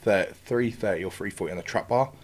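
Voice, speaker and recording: A man on a podcast, talking quickly in a fairly low voice. He tells his story with lively energy and drops into his own past voice to act out what he was thinking. He swears often and loosely, in a relaxed chat. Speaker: podcast guest. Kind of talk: casual podcast interview.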